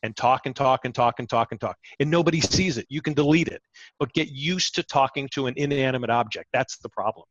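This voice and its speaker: Middle-aged man, ex-TV reporter, energetic guest who stumbles into sentences; dull, dry call audio. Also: mid-range voice, a little fast, dry recording. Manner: energetic, repeats words when starting sentences. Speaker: interview guest, former TV reporter. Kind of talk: conversational advice.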